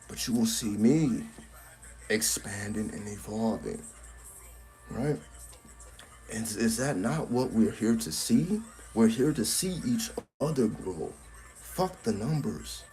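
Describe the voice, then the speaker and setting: Blunt, profane man with a dark voice. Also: mid-range voice. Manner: blunt, profane, repeats "right?" constantly. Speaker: spiritual content creator. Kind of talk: casual live-stream monologue. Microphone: cell phone.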